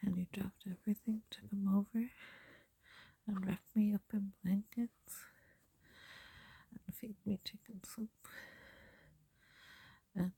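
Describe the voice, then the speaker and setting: A woman in a whispered role-play as a girlfriend, softly soothing and reassuring the listener. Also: medium pitch, fairly even intonation, slow pace, gravelly, pauses often, husky, dry recording.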